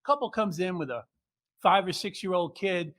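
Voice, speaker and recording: An older man hosting a show, telling comic family stories with deadpan punchlines and acting out what his relatives said. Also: sits high, moderate pace. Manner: deadpan punchlines, acts out quoted family members. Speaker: podcast host. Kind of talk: comic storytelling.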